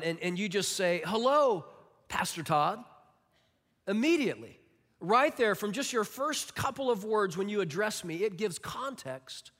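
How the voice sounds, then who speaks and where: A pastor in his forties preaching a sermon, animated and emphatic, acting out little stories. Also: high voice. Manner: animated, emphatic storytelling with acted-out quotes. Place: church auditorium. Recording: long reverb of a large hall.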